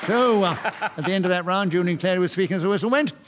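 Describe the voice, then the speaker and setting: A man chairing a radio panel game before a live audience, briskly ruling on challenges. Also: high-pitched, a loud crowd, very noisy. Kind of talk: radio panel show hosting.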